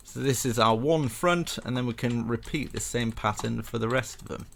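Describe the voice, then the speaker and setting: A man's voice: medium pitch, moderate pace, gravelly. A young man casually walking viewers through a building tutorial step by step, chatty and rambling with self-mocking asides.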